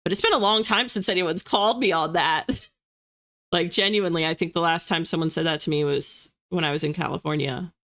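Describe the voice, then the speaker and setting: A woman's voice: fairly low pitch, fairly quick, fairly bright tone. A young woman from the US East Coast, hosting a livestream and chatting casually with viewers in a self-deprecating way. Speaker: livestream host. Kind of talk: casual chat reading viewer comments.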